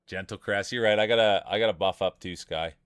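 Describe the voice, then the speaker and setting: A man's voice: fairly low pitch, fairly quick, clear, resonant tone, dry recording, clean studio sound. A man streaming and giving playful sports-style play-by-play commentary on a game, joking and hyping up the players. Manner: excitable, joking, hypes up players.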